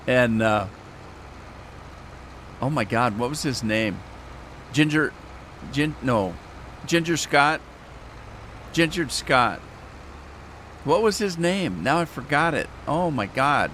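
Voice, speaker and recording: A man's voice: medium pitch, lively intonation, takes it slowly, long pauses, a bit bright, a little hiss or hum. A man streaming a farming game, chatting casually and telling rambling stories with chuckles. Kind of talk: casual gameplay commentary.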